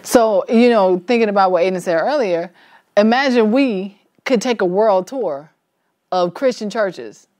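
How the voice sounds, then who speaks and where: A woman leading a church Bible study in a relaxed, conversational way, asking the group questions and laughing easily. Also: medium pitch, a little slow.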